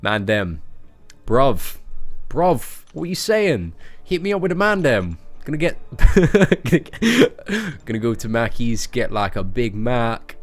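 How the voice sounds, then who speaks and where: A man's voice: medium pitch, sing-song, slow, soft background music. A man voicing a cocky young male roadman who talks in swaggering street slang and keeps tagging lines with filler.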